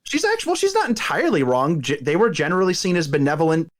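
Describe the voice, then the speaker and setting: A man's voice: fairly high pitch, sing-song, quick pace. A man hosting a podcast, chatting casually and animatedly about a cartoon, laughing often. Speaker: podcast host. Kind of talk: casual chat.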